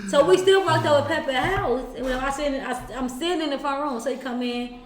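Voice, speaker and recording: High-voiced woman telling a loud story. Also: quick pace, reverberant, a crowd in the background. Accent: Chicago. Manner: laughs often, loud bursts, profane. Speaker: storyteller on a livestream. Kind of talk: animated casual storytelling.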